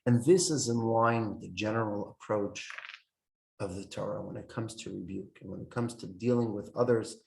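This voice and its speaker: A man's voice: lowish voice, normal speed, gravelly, darkish tone. A man teaching a Torah lesson in an earnest, explanatory sermon style, quoting texts and commentators as he goes. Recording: echoey room.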